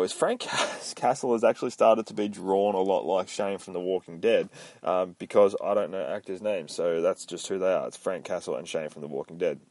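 A man hosting a podcast from inside his van, recapping a comic book in a profane, excitable way full of sound effects. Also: low-pitched, dry recording. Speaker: podcast host.

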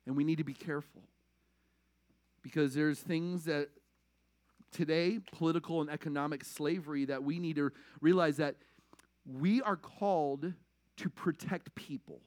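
A male pastor preaching a conversational sermon, animated, swinging between loud emphasis and quiet asides. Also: on the high side, normal speed, pauses often, no room sound.

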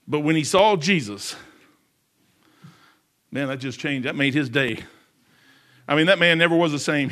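A man preaching a sermon in a folksy, emphatic way, swinging between loud outbursts and hushed low passages.

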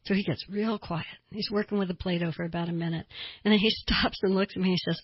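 An older woman from the American South, hosting a radio talk show as a therapist, chatty and quick to laugh. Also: fairly low pitch, steady tone, husky, dry recording, dull audio. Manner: chatty, storytelling, laughs easily.

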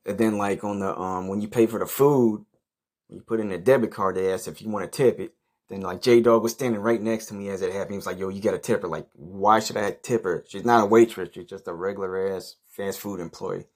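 A man's voice: fairly low pitch, steady tone, brisk. A man hosting a podcast, telling a rambling story in a blunt, profane, casual way. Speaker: podcast host.

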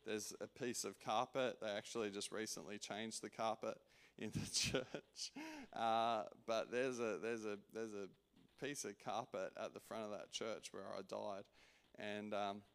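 Casting: fairly low-voiced man giving an earnest sermon testimony, stumbling over restarts, swinging from loud to near-whisper. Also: little pitch movement, a little slow, smooth. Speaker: preacher sharing testimony.

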